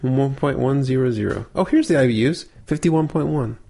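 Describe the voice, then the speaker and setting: A man co-hosting a casual beer tasting podcast, relaxed and explaining beer facts as he thinks aloud. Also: mid-range voice, normal speed, creaky. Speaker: podcast co-host.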